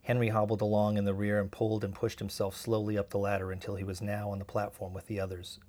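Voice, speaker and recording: A man narrating a novel in a steady, measured way. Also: fairly low pitch. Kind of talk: audiobook narration.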